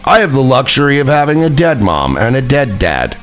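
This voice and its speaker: A man's voice: mid-range voice, big pitch swings, a little fast, fairly bright tone, soft background music. A man hosting his own stream, rambling and mocking with heavy profanity and lots of fillers. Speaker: streamer and show host. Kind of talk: casual stream commentary.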